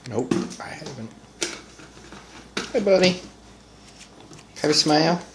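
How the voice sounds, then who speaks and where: A man's voice: on the high side, lively intonation, slow, very noisy. A father playfully calling to his baby during feeding time on a home video. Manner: playful, teasing talk to a baby. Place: room at home. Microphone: home video camera.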